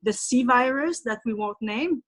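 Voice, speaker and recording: A woman's voice: on the high side, measured pace, no room sound. Quebec French-accented woman caller. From Quebec, Canada. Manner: hesitant, repeats words.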